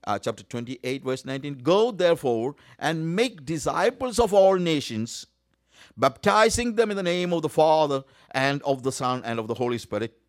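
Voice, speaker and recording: Male preacher, slightly high voice, earnest sermon, dry close sound. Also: no room sound. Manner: earnest, repeats key words for emphasis, frequent uh fillers.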